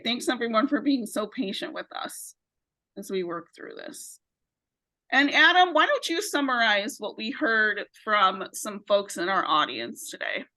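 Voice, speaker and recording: A woman's voice: a little high, bright, forceful tone, rough recording. A woman leading a virtual training session, walking participants through questions with encouraging check-ins. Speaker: training facilitator. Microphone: video call.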